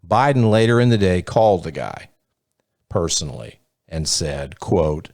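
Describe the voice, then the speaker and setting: A man's voice: sits low, animated, measured pace, darkish tone, dry recording, studio quality. A man hosting a podcast, giving blunt, profane, sarcastic commentary in a casual way. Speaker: podcast host.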